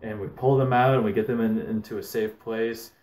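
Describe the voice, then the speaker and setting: A man's voice: fairly low pitch, a little fast, echoey room, low-quality recording. A man hosting a casual podcast, telling stories with plenty of swearing. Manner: swears a lot, animated storytelling. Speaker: podcast host.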